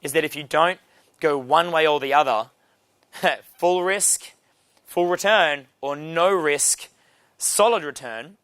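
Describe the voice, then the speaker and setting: A man teaching a dating seminar in a brash, profane, animated way. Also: a little high, slow pace, pauses often, dry recording. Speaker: dating coach.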